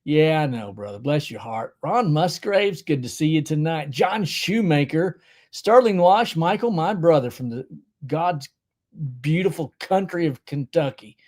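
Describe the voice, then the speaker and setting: Man hosting a livestream from home, slightly high voice, casual and joking. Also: animated, unhurried, darkish tone. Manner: joking, chummy, reads out viewer comments. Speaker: livestream host.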